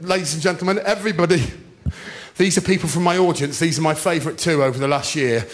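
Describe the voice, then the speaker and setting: A man doing a stand-up routine on a large theatre stage, telling stories with animated bursts of shouting as the audience laughs. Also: fairly high pitch, quick pace, background noise. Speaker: stand-up comedian.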